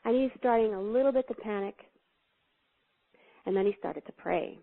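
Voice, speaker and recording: A woman's voice: mid-range voice, normal speed, vocal fry. A woman speaking as a guest in an interview, teaching through stories and acting out the voices in them. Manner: animated storyteller who acts out the voices in her stories. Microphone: phone line. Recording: tinny phone line.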